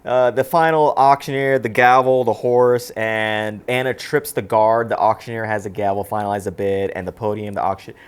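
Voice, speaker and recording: In a relaxed movie chat, this male podcast co-host walks through the film scene by scene, acting out dialogue in different voices. He has a lowish voice and a moderate, smooth pace with few pauses.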